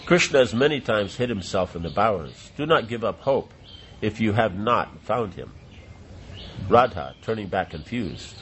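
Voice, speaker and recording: A man reading a devotional play aloud, voicing every part himself, with halting restarts and exclamations that rise in pitch. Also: lively intonation, fairly bright tone, a little hiss or hum. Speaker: reader of a devotional drama.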